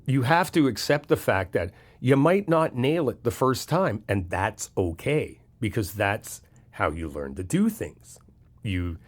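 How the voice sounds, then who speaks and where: Male best friend for a comfort audio, animated and frank, casual swearing, reassuring. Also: medium pitch. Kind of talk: comfort audio role-play.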